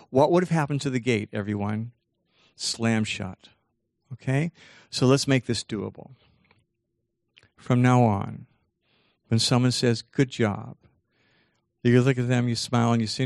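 A man delivers a motivational seminar talk in an animated manner, acting out the voices of his own inner dialogue. His voice sits at a middle pitch and is recorded close and dry, with no room sound. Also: normal speed, no echo. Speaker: motivational speaker.

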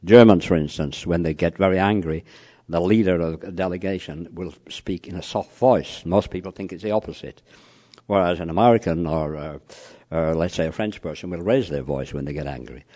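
A man with a very deep voice lectures a live audience on cultural differences. He speaks conversationally, leaning on "you know" and anecdotes, and pauses to quiz the room. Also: dark tone. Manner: frequent "you know" fillers. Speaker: lecturer on cross-cultural communication.

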